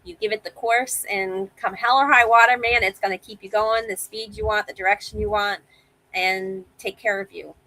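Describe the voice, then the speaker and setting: A woman in her fifties telling sailing stories as a guest over a video call, animated and vivid. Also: mid-range voice, moderate pace, no room sound, low-quality recording. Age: 50s. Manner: animated storyteller, acts out quoted voices. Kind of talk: casual interview storytelling.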